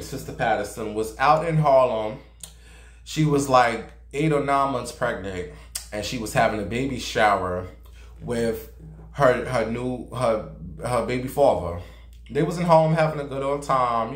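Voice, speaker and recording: A man's voice: mid-range voice, a little slow. A man giving sassy, profane gossip commentary and dramatic storytelling as a vlogger. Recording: roomy echo.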